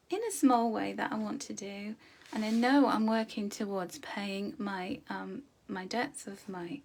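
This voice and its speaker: A woman's voice: mid-range voice, darkish tone. A woman from the United Kingdom coaching a live budgeting tutorial, chatty and encouraging with plenty of ums. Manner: chatty, encouraging, addresses viewers as "my loves".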